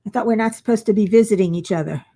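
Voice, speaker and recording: A tired, yawning woman with a mid-range, dark-toned voice races along while hosting a casual crafting livestream. She chats and reads viewer comments aloud as she works.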